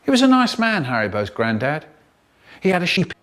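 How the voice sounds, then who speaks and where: A man telling spliced comic stories in an animated way, jumping between voices. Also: on the high side, fairly quick, over loud music. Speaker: storyteller.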